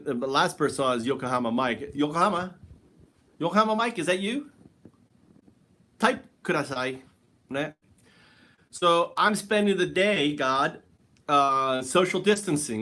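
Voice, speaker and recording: A man's voice: mid-range voice, moderate pace, bright, forceful tone. Man rambling wryly on a livestream. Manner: wry, joking, talks to an absent listener. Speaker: livestream host. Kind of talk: rambling solo livestream chat. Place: at home.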